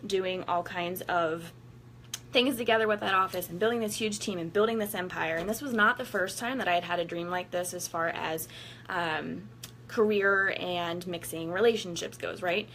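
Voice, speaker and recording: A woman's voice: on the low side, normal speed, fairly bright tone, a little hiss or hum. A woman talking straight to her viewers, blunt and profane, laughing often and acting out what people say. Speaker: vlogger giving workout motivation. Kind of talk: casual candid monologue to viewers.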